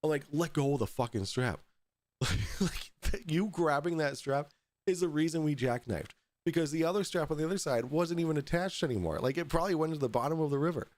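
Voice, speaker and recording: A man's voice: on the high side, brisk, a little mellow. A man hosting a podcast, telling a story in a casual, profane way, often laughing through it. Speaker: podcast host.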